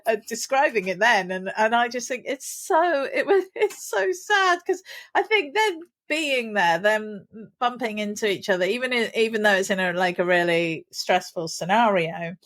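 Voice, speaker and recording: A woman's voice: fairly high pitch, big pitch swings, normal speed, a bit bright. A woman, co-hosting a podcast, talking emotionally in a rambling way. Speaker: podcast co-host. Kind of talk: casual chat.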